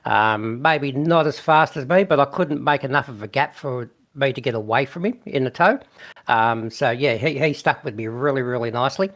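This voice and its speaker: A man's voice: medium pitch, moderate pace. A man in his fifties, a race winner, joking and bantering through a casual post-race interview. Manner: joking, animated, laughing banter.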